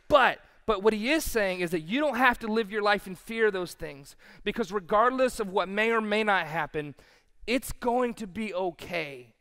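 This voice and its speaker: A man's voice: high voice, fairly bright tone, in a large hall. A male pastor preaching a sermon, telling stories animatedly and acting out the quotes himself. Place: church sanctuary.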